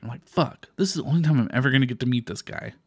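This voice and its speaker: A man's voice: mid-range voice, rapid-fire, slightly rough, no echo, clean studio sound. A man from Texas co-hosting a podcast, telling a story in casual chat, swearing freely and acting out quoted voices. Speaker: podcast co-host.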